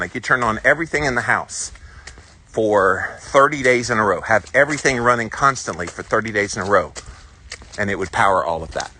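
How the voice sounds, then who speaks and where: A man's voice: lowish voice, sharp tone, a little hiss or hum. A man in his forties with a Southern US accent, chatting casually with viewers while out walking a hilly trail. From South Carolina, US. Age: 40s. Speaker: vlogger answering live viewer comments. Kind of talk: casual walk-and-talk chat.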